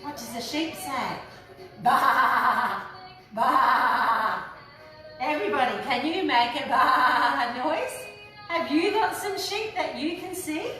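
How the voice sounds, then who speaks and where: A woman's voice: sits high, lively intonation, moderate pace. A woman from Australia leading a children's yoga class, playful and encouraging, joining in with animal noises. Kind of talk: guided kids' yoga class. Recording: echoey room, distant mic, music behind.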